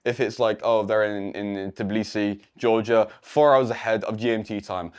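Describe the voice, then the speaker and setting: Speaking in a projector-lit room indoors, a teenage online coaching creator from England delivers a rambling, blunt coaching tutorial via screen share, full of slang and swearing. His voice is lowish and clean in tone, with fairly even intonation at a moderate pace.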